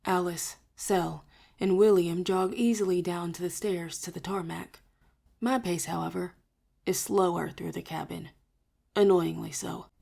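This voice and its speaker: Soft-spoken woman reading an audiobook. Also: fairly low pitch, steady tone, normal speed, gravelly, husky. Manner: soft, hushed reading, often near a whisper. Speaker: audiobook reader. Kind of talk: first-person audiobook narration.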